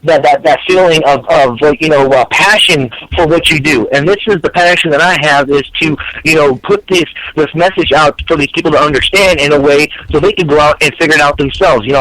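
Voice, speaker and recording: A man hosting an online talk radio show in casual conversation. He speaks in an animated, rambling way with many fillers. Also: a little high, rough recording. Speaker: podcast host.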